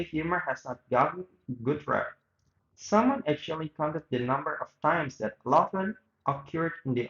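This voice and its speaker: This is a student reading a radio interview aloud, voicing both the host and the guest, with minor slips and restarts. His voice is on the high side and a bit bright. The sound is roomy and lo-fi.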